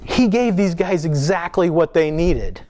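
Casting: male pastor, high-pitched voice, casual storytelling sermon with animated quoted asides. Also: measured pace, a little hiss or hum.

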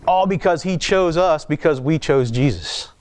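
Guy giving a sermon, kinda high voice, chatty and loose, reads verses with little asides. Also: expressive, normal speed. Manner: conversational, restarts and asides. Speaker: preacher.

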